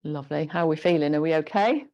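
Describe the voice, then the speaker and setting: A woman instructor leading a gentle guided exercise class, encouraging and giving step-by-step movement cues. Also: low-pitched, fast talker, muffled recording.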